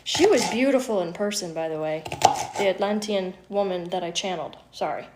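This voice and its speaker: A woman's voice: on the low side, a little fast, noisy background. A woman chatting casually on a live stream while she cooks, laughing often and swearing now and then. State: teary from onions. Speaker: livestream host. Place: home kitchen.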